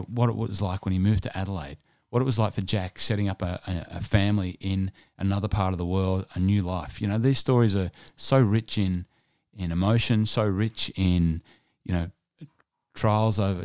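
Aussie-scottish-born guy, low voice, rambly keen podcast chat, dry close sound. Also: fairly even intonation, moderate pace, darkish tone, no room sound. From Scotland. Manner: rambling, enthusiastic, many fillers. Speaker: podcast host. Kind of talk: casual solo podcast chat.

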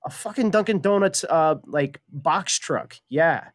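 A man's voice: on the high side, a little slow, no echo, studio quality. A man co-hosting a talk show, telling stories in casual chat full of fillers and swearing. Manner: storytelling, filler-heavy, profane. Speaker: co-host.

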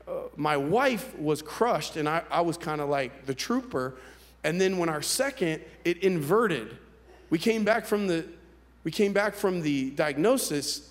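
A male pastor telling a personal story in a sermon, candid and conversational, with halting restarts. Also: a little high. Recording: long hall reverb.

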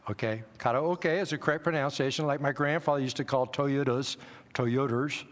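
A man's voice: medium pitch, fairly even intonation, quick pace. A man in his sixties, a missionary, telling self-deprecating stories to a church congregation in an easygoing, anecdotal way. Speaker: missionary speaker. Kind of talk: church talk with personal stories. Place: church sanctuary. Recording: long hall reverb.

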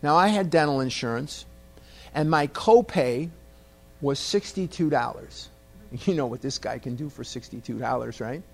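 A man's voice: medium pitch, lively intonation, normal speed, gravelly, soft background music. A man telling a humorous, self-deprecating personal story to a meeting audience. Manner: self-deprecating, wry, conversational. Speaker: speaker at a recovery meeting.

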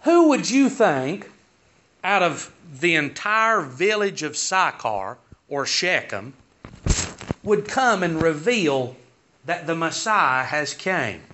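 High, lively preacher. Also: male voice, takes it slowly, lo-fi sound. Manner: folksy, rhetorical questions, rising to emphatic peaks. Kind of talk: sermon.

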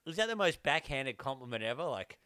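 Man, podcast storyteller, smooth bright voice, dry recording. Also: medium pitch, very animated, brisk, no echo. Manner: tells anecdotes, acts out quoted voices, many yeahs. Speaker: podcast co-host. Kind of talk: casual storytelling.

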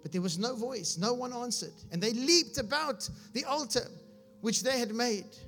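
Over soft background music, a man with a very high-pitched, fairly bright voice preaches at a normal speed. He reads scripture aloud and explains it with humor, often checking whether his listeners follow along.

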